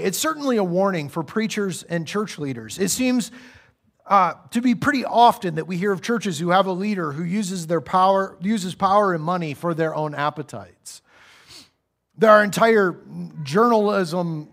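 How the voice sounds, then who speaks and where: A man preaching a sermon in a church, conversational, acting out little voices and dropping quiet for serious points. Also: a little high.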